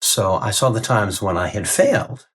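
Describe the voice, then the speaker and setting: A man speaking as an interview guest, giving earnest testimony in a halting way with frequent restarts. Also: on the low side, expressive, husky. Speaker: guest sharing a near-death experience.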